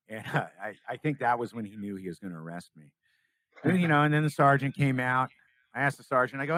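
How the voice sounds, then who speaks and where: A man's voice: medium pitch, animated, fairly quick, fairly bright tone, dry recording, poor audio. A young man from California, a podcast guest, telling a story in casual interview talk and acting out the dialogue.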